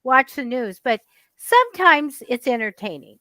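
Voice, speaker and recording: A woman's voice: high voice, unhurried, no echo. A woman, a guest psychic, telling stories animatedly in casual chat. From United States. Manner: animated storyteller, laughs often.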